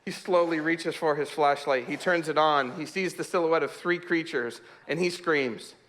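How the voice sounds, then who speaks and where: A man telling a humorous personal story to an audience, laughing often and dropping to a hush for suspense. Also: a little high, moderate pace. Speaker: speaker.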